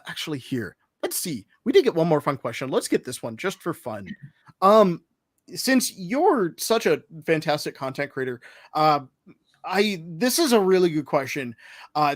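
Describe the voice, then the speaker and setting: A man's voice: fairly high pitch, big pitch swings, normal speed. A man with a Midwestern accent hosting a casual live-stream chat, joking and sarcastic, often laughing.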